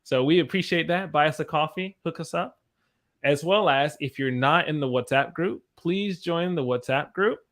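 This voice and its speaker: A man's voice: a little high, normal speed, a bit bright. An American man hosting a casual live-stream chat over a video call, rambling and searching for his words. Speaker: host.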